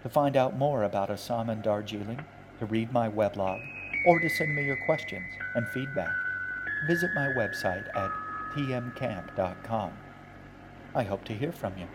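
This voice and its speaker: A man reading his own serialized novel aloud, in a quiet, measured storytelling manner. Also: on the low side, music in the background. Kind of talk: audiobook narration.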